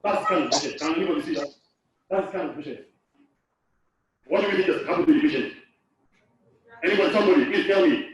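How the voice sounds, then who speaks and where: A man's voice: on the high side, fast, long pauses, slight background noise. A man from Nigeria giving a live lecture to a hall audience, repeating key phrases and asking the room questions. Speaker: course lecturer. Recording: echoey hall, far off, dull.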